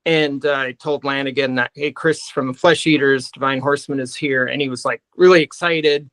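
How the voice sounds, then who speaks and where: Halting male musician guest. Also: mid-range voice, steady tone, fairly bright tone, no echo, poor audio. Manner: halting, many fillers and restarts. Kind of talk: casual interview chat.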